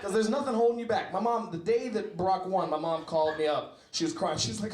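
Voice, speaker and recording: A man performing a loose, rambling stand-up set in a small comedy club, with sudden shouted bits. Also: sits high, quick pace, hardly any pauses. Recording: echoey club room with crowd laughter. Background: audience laughter.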